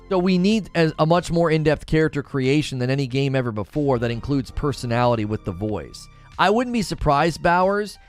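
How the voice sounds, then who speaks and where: A man hosting a live gaming stream, chatting back to viewers in an animated way with quick restarts. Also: fairly high pitch. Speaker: gaming channel host. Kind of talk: live-stream chat reading viewer comments.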